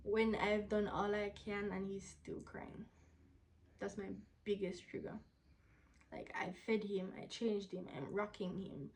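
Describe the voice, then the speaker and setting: A young woman, answering viewer questions in a candid, casual vlog, sometimes dropping into a soft whisper. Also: medium pitch, flat delivery, measured pace, poor audio. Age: young adult. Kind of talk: casual Q&A to camera.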